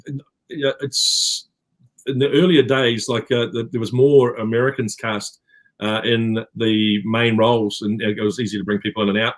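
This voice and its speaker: A man's voice: fairly low pitch, steady tone, moderate pace. A middle-aged man with a New Zealand accent, chatting as an interview guest, rambling with many fillers and restarts. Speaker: actor guest. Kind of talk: casual interview chat.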